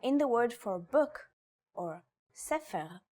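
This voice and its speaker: A woman reading a scripted language lesson, pronouncing example words slowly and carefully. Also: on the high side, very animated, mellow. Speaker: Hebrew teacher.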